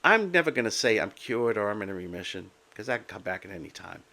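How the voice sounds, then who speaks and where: Candid older man, bright voice. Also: lowish voice, very animated, fast, vocal fry. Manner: candid, plain-spoken, with blunt humor and frequent okays. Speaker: vlogger sharing his Meniere's experience. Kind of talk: casual personal talk to camera.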